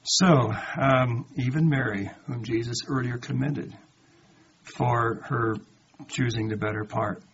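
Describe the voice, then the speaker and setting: A man's voice: medium pitch, takes it slowly, creaky. A man giving a conversational Bible study sermon, reading verses aloud and then commenting with rhetorical questions, and acting out the quoted lines. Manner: dramatizes quoted lines in a lively voice. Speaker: Bible teacher. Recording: dull lo-fi recording with faint background noise.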